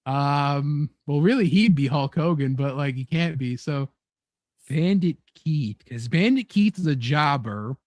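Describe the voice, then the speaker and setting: A man's voice: fairly high pitch, expressive, measured pace, darkish tone, no room sound. A young man hosting a casual podcast chat, joking around and laughing often. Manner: joking, laughs often, puts on silly voices. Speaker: podcast host.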